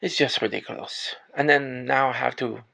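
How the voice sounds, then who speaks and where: Gravelly, exasperated man venting. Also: mid-range voice, fairly even intonation, sharp tone. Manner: frustrated, exasperated, swears often; halting restarts when upset. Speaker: retail worker. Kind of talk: venting rant to camera.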